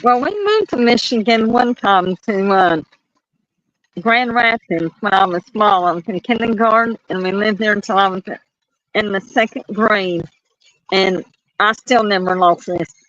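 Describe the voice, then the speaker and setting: A woman's voice: mid-range voice, measured pace, muffled recording. A woman with a Southern American accent, chatting on an online panel and telling stories with acted-out quotes and frequent laughter. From Southern United States. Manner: animated storyteller, acts out quotes, laughs often. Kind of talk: casual panel chat.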